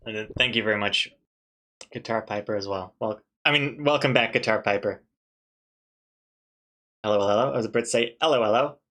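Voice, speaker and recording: A man streaming live as he works on a comic, talking casually with viewers and second-guessing his choices out loud. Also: on the low side, fairly even intonation, a little fast. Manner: thinks aloud, second-guesses himself, chatty with viewers. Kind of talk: casual live-stream commentary while drawing.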